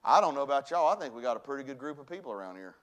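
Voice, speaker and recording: A man preaching a sermon to his church, folksy and conversational, dropping to hushed lines and rising to loud bursts. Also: mid-range voice, sing-song, rapid-fire. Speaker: pastor. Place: church sanctuary.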